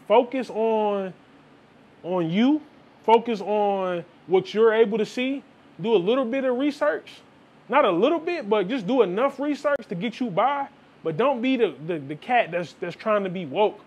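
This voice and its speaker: A man's voice: high voice, animated, moderate pace. A young adult man, giving a casual, preachy motivational talk to viewers and often calling them "man". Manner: preachy, repeats "man" and "like", quotes people in asides. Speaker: vlogger.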